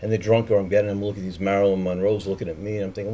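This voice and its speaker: A man's voice: lowish voice, level tone, racing, dark tone, slight background noise. A man telling a personal story in a candid, profane way, acting out the voices of the people in it.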